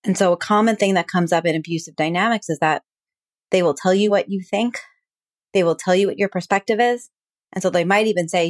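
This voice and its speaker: A woman hosting an advice podcast as a relationship coach, talking calmly and plainly through examples. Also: medium pitch, brisk, no echo, clean studio sound. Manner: calm, explanatory, acts out example dialogue.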